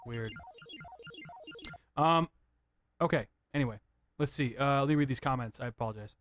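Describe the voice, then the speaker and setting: A middle-aged man streaming live, chatting casually about synths; he rambles, gets excited and keeps apologizing. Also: medium pitch, normal speed, no echo. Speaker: synth livestreamer. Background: faint synth music.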